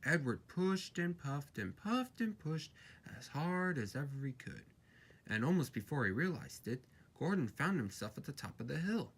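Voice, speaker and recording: A man reads a children's story aloud in an expressive, storybook way. His pitch moves a lot, and his voice has a slightly husky grain. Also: normal speed.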